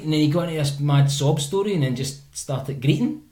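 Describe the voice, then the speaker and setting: A Glaswegian man hosting a podcast, telling a sweary, animated story with laughs between lines. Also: on the high side, a little fast, roomy sound. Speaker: podcast host. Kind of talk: casual storytelling chat.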